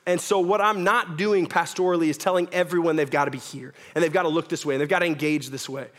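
A man's voice: a little high, steady tone, quick pace, fairly bright tone. A young man preaching a sermon in a church, casual and joking, often asking "right?". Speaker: pastor. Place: church hall with audience.

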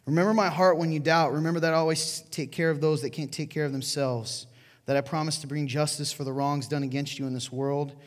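A man's voice: on the high side, fairly even intonation, fairly quick. A man preaching as pastor to his congregation, chatty and joking in asides to the crowd. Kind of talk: sermon to a congregation. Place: church hall. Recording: long hall reverb.

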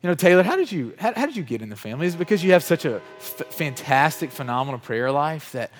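A man's voice: very animated, fast, faint music behind. Man preaching in a reverberant hall. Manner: conversational, addresses people in the room by name; swells louder and higher on key points. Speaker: pastor. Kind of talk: sermon. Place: church hall with chairs. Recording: reverberant hall, at times off mic.

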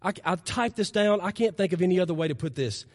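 A man's voice: high-pitched, quick pace, darkish tone, in a large hall. A man preaching a sermon as pastor, earnest and emphatic, his voice rising in impassioned stretches, recorded in a church sanctuary.

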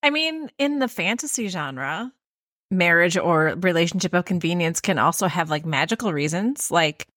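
A woman's voice: fairly low pitch, expressive, normal speed, a bit bright, no room sound, clean studio sound. A woman co-hosting a podcast in casual chat, thoughtful and playful, with the odd chuckle. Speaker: podcast co-host.

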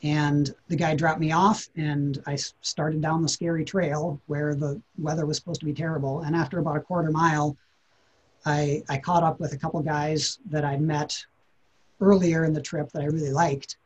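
A man's voice: on the high side, little pitch movement, normal speed, breathy edge, dull audio. A man, a podcast guest, telling a personal story in an earnest, reflective way, often repeating words as he thinks.

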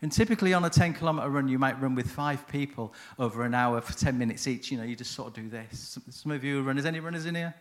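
A man's voice: mid-range voice, fast, hardly any pauses. A man giving a seminar on chaplaincy, telling a story in a chatty, anecdotal way, often interrupting himself. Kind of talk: conference talk with storytelling.

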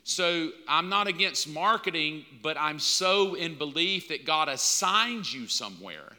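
A man's voice: fairly high pitch, lively intonation, unhurried, sharp tone. A man preaching a sermon as pastor in a conversational style, acting out bits of dialogue. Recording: long hall reverb.

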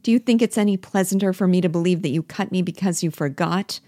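A woman's voice: on the low side, fast, mellow, no room sound, voice pushed up, lightly acted. Bitter jealous wife, read by a woman. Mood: pleading. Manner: reproachful, cutting, pleading. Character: young married woman, bitter, jealous, pleading. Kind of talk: play reading.

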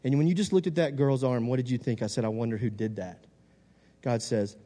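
A young man preaching a sermon. He moves from loud exhortation to quiet, casual storytelling. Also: medium pitch, quick pace. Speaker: youth preacher. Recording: long hall reverb.

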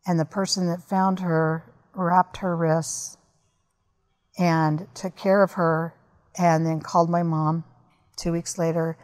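A woman's voice: on the low side, flat delivery, takes it slowly, a little mellow. A woman guest on a podcast, candidly and earnestly recounting a personal story.

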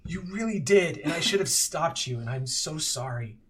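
A man's voice: fairly high pitch, expressive, moderate pace, pitched above the performer's own voice, lightly acted. Man doing a sorry middle-aged mayor, apologetic, heartfelt. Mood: remorseful.

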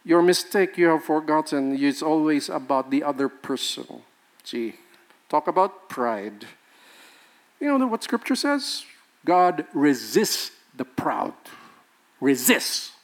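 High, lively pastor preaching. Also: male voice, slow. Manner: emphatic, rhetorical questions to the congregation; jokes and laughs with the congregation. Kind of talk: sermon.

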